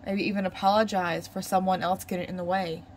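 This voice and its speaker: A woman's voice: fairly low pitch, flat delivery, a little fast, slight background noise, poor audio. A woman giving a casual tarot reading, musing aloud and repeating her questions to the cards. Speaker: tarot reader.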